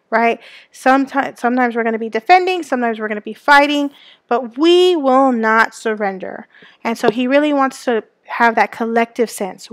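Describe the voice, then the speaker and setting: A woman's voice: on the high side, no room sound. A woman teacher giving a recorded lesson to students. She explains step by step and keeps checking in with them with "okay?" and "right?".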